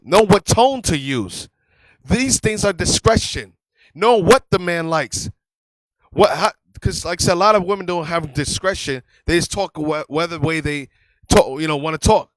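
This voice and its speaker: A man's voice: high-pitched, a bit bright, no echo, low-quality recording. A man teaching a religious class in an emphatic, conversational sermon style, often repeating his key phrases.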